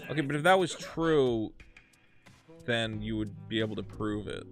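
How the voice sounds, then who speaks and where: A man streams a video game and talks casually over it, ranting and cursing. His pitch swings widely up and down as he gets worked up. Soft game music plays quietly behind him. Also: moderate pace. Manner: profane, ranting, animated. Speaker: streamer and podcast host. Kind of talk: casual gameplay commentary.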